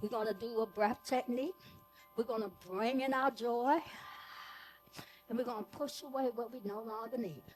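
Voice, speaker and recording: A woman leading a live group breathing workshop, giving slow, soothing cues for each breath. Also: a little high, darkish tone, soft background music.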